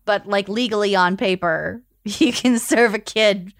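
A woman's voice: mid-range voice, unhurried, dry recording. A woman co-hosting a casual podcast, laying out legal details plainly with dry asides on a close studio mic. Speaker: podcast co-host. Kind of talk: casual chat.

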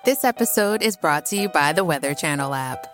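A woman's voice: deep voice, expressive, fairly quick. A woman reading a scripted radio-style ad in an upbeat way. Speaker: ad announcer. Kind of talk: scripted ad read. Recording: music under the read.

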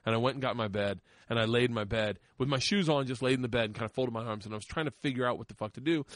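A man's voice: medium pitch, very fast, no echo, studio quality. A middle-aged man telling a story on a podcast in casual, profane talk, laughing often and acting out what people said. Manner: profane, laughing storyteller who acts out quotes. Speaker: podcast host.

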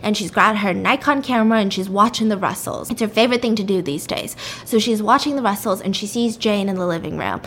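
A woman's voice: medium pitch, fast, hardly any pauses, a bit bright, slight background noise. A woman casually retelling a story, chatty, with lots of "like" and "you know".

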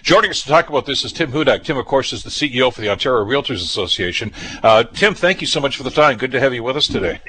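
A man hosting a talk radio show, brisk and conversational, interviewing guests. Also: mid-range voice, animated, pushed and bright, slight background noise, rough recording. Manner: brisk, conversational, frequent uh fillers.

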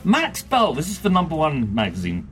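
A man's voice: on the high side, huge pitch swings, moderate pace. A man co-hosting a casual podcast chat, reading quotes in a dry, wry way. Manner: dry, wry, reads quotes aloud in his own voice. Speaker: podcast co-host reading from archive interviews.

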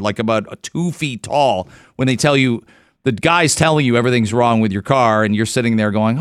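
A man's voice: medium pitch, a little fast, a bit bright, smooth, no echo, clean studio sound. A middle-aged man hosting a radio talk show in casual chat, telling stories and acting out little exchanges. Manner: chatty storyteller, acts out quoted exchanges.

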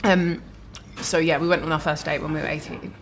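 A woman guest chatting over a restaurant meal, giggly and warm-hearted, talking easily. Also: sits low, little pitch movement, fairly quick, slight background noise. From London. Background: cutlery and dishes clattering.

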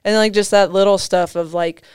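A woman's voice: mid-range voice, fairly even intonation, fairly quick, a little mellow, clean tone, dry recording, clean studio sound. A young woman, a guest on a podcast, chatting casually and telling stories, with lots of "like" fillers and frequent laughs. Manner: storytelling, heavy use of "like" fillers, laughs often. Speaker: podcast guest, motocross racer. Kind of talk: casual chat.

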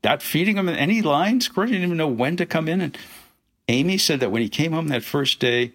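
A man's voice: a little high, brisk. A man, a film director, telling anecdotes as a guest in a casual interview. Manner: animated anecdotes with acted-out quotes.

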